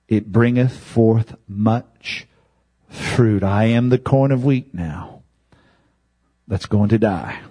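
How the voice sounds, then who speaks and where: Husky low-voiced guy preaching a sermon, gets loud then drops to a whisper. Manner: impassioned, swinging from loud climbs to hushed, whispered lines.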